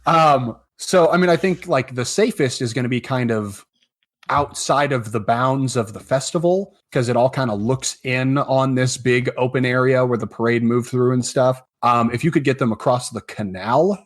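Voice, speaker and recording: A man's voice: mid-range voice, normal speed. A man running a tabletop game as game master, narrating loosely with many fillers.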